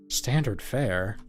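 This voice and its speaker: A man voicing a fond, teasing wife in a horror game. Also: mid-range voice. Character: affectionate adult wife, teasing and tender.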